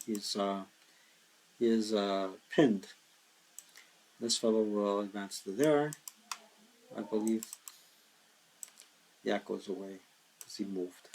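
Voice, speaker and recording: Slow, tired man muttering over a wargame. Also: fairly low pitch, a little mellow, a little hiss or hum, poor audio. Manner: slow, muttering, counts hexes aloud. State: tired, yawning. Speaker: solo wargame player. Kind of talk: thinking aloud while playing a board wargame.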